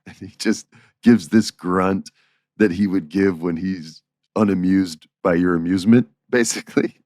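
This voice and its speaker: A man hosting a podcast, telling stories in a casual, animated way, chuckling and acting out dialogue. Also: sits low, a little slow, dry recording, clean studio sound. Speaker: podcast host. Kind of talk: casual storytelling.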